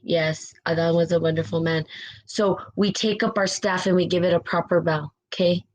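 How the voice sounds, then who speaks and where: A woman's voice: fairly low pitch, steady tone, normal speed, a little mellow, low-quality recording. A woman hosting a spiritual live stream, giving a fervent, emotional motivational talk. She is close to tears and keeps asking "right?" as she goes. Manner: fervent and emotional, repeats phrases, asks "right?". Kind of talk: impassioned motivational talk, reading viewer comments.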